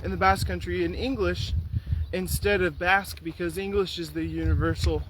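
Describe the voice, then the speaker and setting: A man's voice: sits high, fairly even intonation, brisk. A young man chatting casually in a walking vlog on a riverside trail, rambling with frequent restarts, recorded on a carried phone. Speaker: vlogger. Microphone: phone or camera carried while walking. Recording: loud outdoor noise, wind. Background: loud outdoor ambience and wind.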